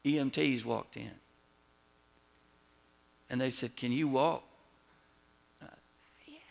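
A man preaching a sermon as a pastor, telling a personal story with lively retold dialogue and words that drop soft at the ends of lines. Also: mid-range voice, gravelly. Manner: storytelling, animated when retelling, drops soft on closing words.

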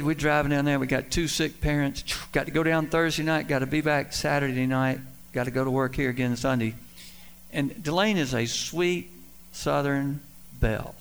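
Middle-aged male pastor, gravelly, a touch high, emphatic storyteller. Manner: folksy, self-deprecating, emphatic swings in loudness. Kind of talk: sermon with storytelling.

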